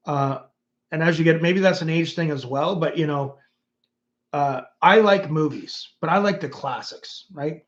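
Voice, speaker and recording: In a loose livestream chat, a fifties-aged Canadian YouTube host rambles and reads comments from his audience aloud. His voice runs a little high, and the recording lacks its upper frequencies.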